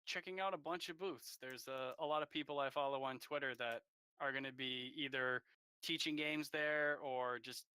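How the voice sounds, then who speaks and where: Man with a bright, smooth, dry voice. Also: medium pitch, fairly even intonation, moderate pace, no echo. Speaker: player. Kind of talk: casual chat.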